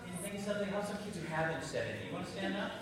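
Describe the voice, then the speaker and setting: A man's voice: high voice, lively intonation, racing, noisy background. A man giving a homily to children in church, chatty and coaxing as he asks them questions. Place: large church. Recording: echoey church from far off.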